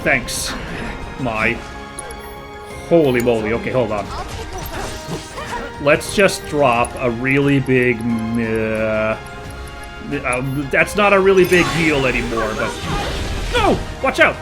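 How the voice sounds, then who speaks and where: A man hosting a let's play, chatting casually and reacting out loud to the action as he plays. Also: mid-range voice, slow pace, pauses often, music in the background. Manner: chatty, excitable, reacts aloud to gameplay. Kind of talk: casual gameplay commentary.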